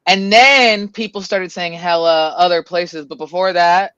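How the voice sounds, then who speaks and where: A man with a Boston accent, chatting casually on a stream and telling animated stories full of fillers. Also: high voice, a little slow, clear, resonant tone, dry recording. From Massachusetts. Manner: animated storyteller, lots of fillers. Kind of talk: casual chat. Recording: dull lo-fi stream audio.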